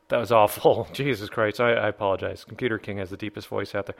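A man's voice: fairly low pitch, quick pace, gravelly, few pauses. A man hosting a podcast who reads listener comments in a joking, rambling way. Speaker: podcast host. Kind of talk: casual podcast banter.

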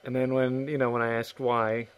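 A man's voice: medium pitch, little pitch movement, moderate pace, smooth. Chatty male podcast host telling stories. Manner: chatty and anecdotal, with asides and restarts. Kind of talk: casual spoken storytelling.

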